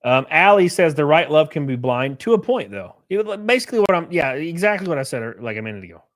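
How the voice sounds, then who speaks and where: A young man hosts a livestream and riffs on chat messages in a brash, profane, animated way. His voice sits a little higher than most men's. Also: quick pace. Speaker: livestream host reading chat.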